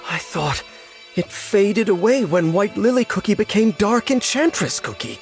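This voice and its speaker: A gentle, solemn cookie mage from a fantasy game, unhurried and earnest in every word. His delivery swoops with lively rises and falls. Faint game music plays underneath. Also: sits high. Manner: earnest, measured.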